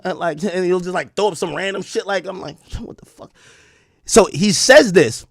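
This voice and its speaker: A man's voice: high-pitched, a little fast, creaky, no echo, clean studio sound. A man telling a long, profane story in a casual rant, rambling with many restarts and bursts of laughter. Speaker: streamer and commentator.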